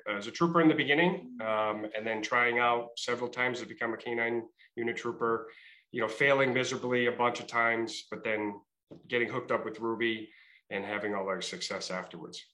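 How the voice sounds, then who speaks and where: Brief: middle-aged man, New England accent, bright forward tone, chatty guest who tells stories. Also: mid-range voice, fairly even intonation, fairly quick, roomy sound, poor audio. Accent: Massachusetts and Rhode Island. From Massachusetts. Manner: chatty storyteller, many fillers and restarts. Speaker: state trooper, interview guest. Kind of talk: casual interview.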